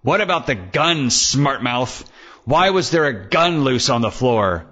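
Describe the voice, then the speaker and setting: A man's voice: medium pitch, expressive, a little slow, a bit bright, breathy edge, voice pushed up. A man reading the part of a hot-tempered, menacing police lieutenant who snarls threats. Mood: angry. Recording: dull lo-fi recording.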